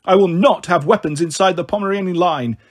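A man voicing a fussy, pompous male statue god who scolds in a shrill teacher voice. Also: a little fast. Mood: scolding.

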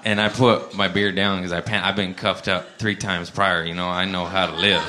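On a club stage, a male comedian with a lowish voice tells a profane, laid-back story punctuated by bursts of animated excitement. Background noise is present.

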